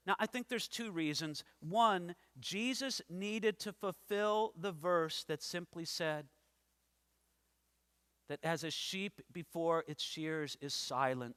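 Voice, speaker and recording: A man's voice: fairly high pitch, fairly bright tone. A man pastor preaching an expository sermon in a church, emphatic and dramatic, acting out the people in the story. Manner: dramatic, acts out scripture characters, emphatic. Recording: long hall reverb.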